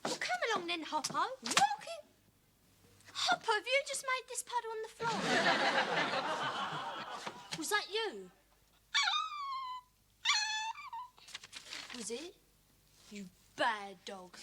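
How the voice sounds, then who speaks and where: A woman's voice: very high-pitched, heavily acted. An actress playing a schoolgirl hamming up a dog-trainer act on a school stage, scolding the dogs and leading the audience. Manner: bossy scolding, leading audience call-outs. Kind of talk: 1980s TV drama acting. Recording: very noisy stage recording.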